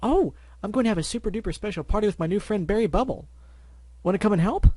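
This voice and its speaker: A giddy, bouncing pink party pony, as a man reads her aloud squeals out every line in a high sing-song. The storybook voice is bright and breathless, recorded dry and close. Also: lively intonation, fast, breathy edge, no echo. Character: hyper bubbly pink female party pony.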